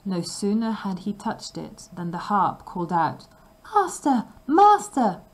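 A woman narrating a fairy tale for language learners with clear, measured reading. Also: fairly low pitch, low-quality recording. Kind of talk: scripted storybook narration.

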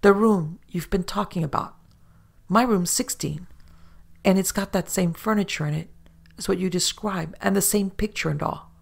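A woman's voice: mid-range voice, moderate pace, vocal fry. A woman doing a blustering heavy traveler. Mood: insistent. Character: heavy anxious middle-aged male traveler.

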